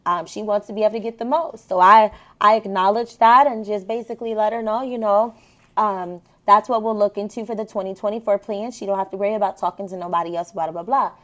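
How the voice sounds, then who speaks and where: Black vlogger lady, super chatty, keeps saying you guys, telling viewers about a rough work call. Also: medium pitch, fast talker. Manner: chatty, animated, addresses viewers directly. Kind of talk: casual storytelling vlog.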